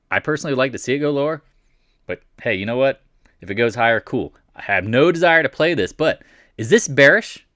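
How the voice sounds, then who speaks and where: A man talking through market charts in a blunt, mocking way, full of rhetorical questions. His voice sits at a middle pitch, and it is recorded close and dry with no room sound. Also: fairly bright tone, no room sound. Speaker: market commentator. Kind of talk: casual chart commentary.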